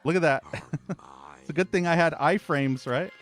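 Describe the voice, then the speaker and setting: A man's voice: on the high side, moderate pace. A man doing let's play commentary, ranting at the game with a profane, exasperated edge. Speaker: gaming channel host.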